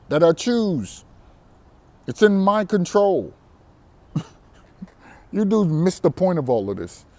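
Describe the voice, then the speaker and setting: A man's voice: high voice, mellow, no room sound. A man vlogging a brash, defiant monologue to camera, boastful and profane, often breaking into laughter. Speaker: vlogger on dating abroad.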